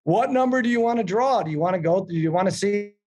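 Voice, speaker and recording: A man's voice: sits high, animated, fast talker, darkish tone. A man hosting a casual interview, talking in a playful, joking way and telling stories with animation. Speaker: host.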